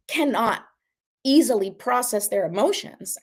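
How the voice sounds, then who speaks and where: Earnest woman coaching listeners, higher voice. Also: expressive, normal speed. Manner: coaching, addresses listener directly, frequent "okay?"; earnest, emphatic repetition. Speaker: self-help host. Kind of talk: motivational self-help talk.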